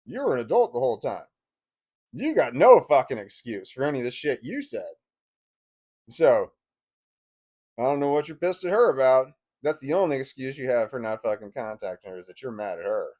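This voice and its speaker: A man at a middle pitch recounts a personal story to camera. He talks bluntly and emotionally, swears freely and keeps breaking off and restarting his sentences. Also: very animated, brisk, a little mellow. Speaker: vlogger.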